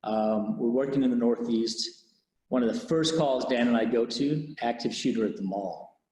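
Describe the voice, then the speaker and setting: A man's voice: medium pitch, a little mellow. Man telling his story in an echoey room. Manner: candid, halting, with many restarts. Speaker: police officer. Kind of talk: personal story in an interview. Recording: echoey room with long reverb.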